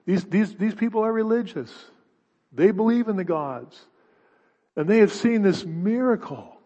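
A man's voice: a little high, a little mellow. Man, sermon, dramatic storytelling, stammering restarts, dull sound, church hall reverb. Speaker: pastor.

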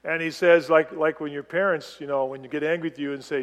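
A man preaching with a fairly high voice, animated and quizzing his listeners as he goes. His sermon rings with the long echo of a church hall. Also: quick pace. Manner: animated preaching, asks the congregation questions. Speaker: pastor.

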